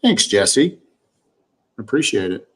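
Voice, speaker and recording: A man's voice: on the low side, sing-song, slow pace, breathy edge. A man co-hosting a casual live stream, upbeat and friendly, greeting viewers and reading out their comments.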